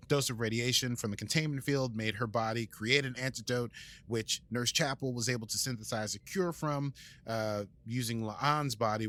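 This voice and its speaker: A man's voice: mid-range voice, fairly bright tone. An American man co-hosting a podcast, recapping an episode in a rambling, jokey way with many fillers and restarts. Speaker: podcast co-host.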